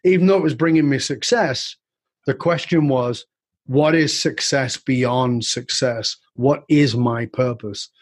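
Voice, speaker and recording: A man's voice: medium pitch, no echo. A man guest in an interview, candidly and reflectively telling a personal story with casual swearing.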